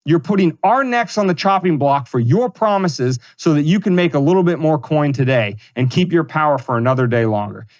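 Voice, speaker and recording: A male podcast co-host launches into a heated, swearing political rant. His voice sits a little high, and he talks hard and emphatic. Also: animated, fairly quick, hardly any pauses, a little mellow.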